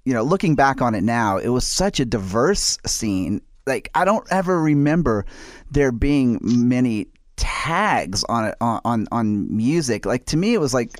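A man's voice: medium pitch, sing-song, unhurried, no echo, clean studio sound. A man from the New Orleans area hosting a casual interview, rambling with many fillers. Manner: rambling, lots of "you know". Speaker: podcast host.

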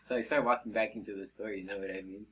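A man's voice: on the low side, steady tone, fast, fairly bright tone, rough recording. A man telling a story to friends in a rambling, profane way, full of fillers. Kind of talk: casual chat.

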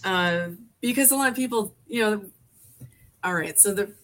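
A woman's voice: medium pitch, normal speed. A woman in her forties, a podcast guest from Alaska, chatting in a rambling way full of fillers and restarts. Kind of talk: casual conversation.

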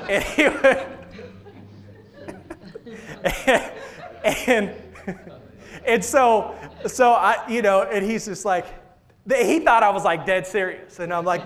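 Playful high-voiced man preaching a sermon. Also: measured pace, pauses often, a bit bright. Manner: playful, jokes and laughs with the congregation. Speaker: senior associate pastor. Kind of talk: sermon with storytelling. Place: church sanctuary.

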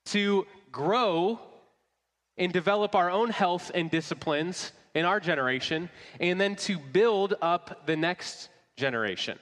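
A man in his thirties preaching a sermon as pastor, telling stories with a light, self-mocking humor. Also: sits high. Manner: warm storytelling with self-deprecating humor. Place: church sanctuary. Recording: long reverb of a large hall.

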